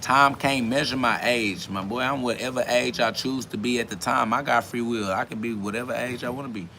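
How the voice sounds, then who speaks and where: A man's voice: medium pitch, fairly quick, bright, forceful tone, a little hiss or hum. A man in his twenties hosting a podcast, rambling in a slangy, profane, casual monologue while reading chat comments aloud. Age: 20s. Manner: rambling, slangy and profane, with frequent "you feel me" fillers. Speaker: podcast host.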